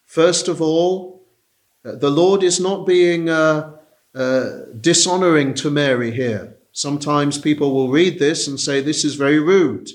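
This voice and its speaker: A man delivers an expository sermon in a somewhat raised-pitch voice. He speaks deliberately, stopping often with small hesitations as he unpacks each phrase. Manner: measured, deliberate, with frequent "uh" pauses. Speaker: preacher.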